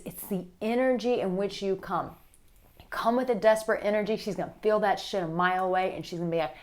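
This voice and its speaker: A woman dating coach speaks straight to her viewers in an animated, blunt way, with casual swearing. Her voice sits at an everyday middle pitch. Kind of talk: direct-to-camera advice vlog.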